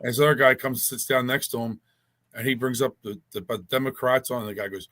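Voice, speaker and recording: A man's voice: mid-range voice, fairly even intonation, quick pace, a bit bright. A man telling a long, rambling story in casual chat, with many restarts.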